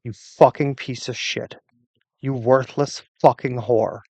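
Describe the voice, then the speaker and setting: Brief: furious man hurling profane insults, dry close sound, mid-pitched. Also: fairly even intonation, slow, creaky, a little mellow, slightly rough, dry recording. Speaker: user arguing with an AI assistant. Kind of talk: angry rant.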